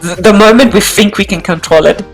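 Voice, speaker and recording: A woman's voice: mid-range voice, fairly quick, faint music behind, rough recording. A woman from South Africa with a South African accent, a guest speaking thoughtfully and hesitantly in an interview. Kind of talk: reflective interview talk.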